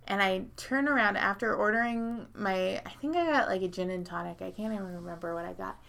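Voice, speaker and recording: A woman with a bright, edgy voice and a gravelly fry at the ends of her phrases tells a long, meandering story in casual chat. She leans on fillers and swears freely. When she quotes people, she leaps up into high, loud voices. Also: fairly quick, few pauses. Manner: rambling, profane, heavy filler words.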